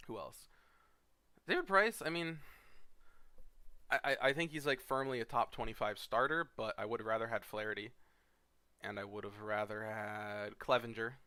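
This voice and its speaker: A man's voice: on the low side, bright, forceful tone, smooth, dry recording. A young man, a fantasy league commissioner, rambling through a casual recap with lots of fillers and blunt, profane asides, sleepy and yawning. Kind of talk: casual screen-share commentary.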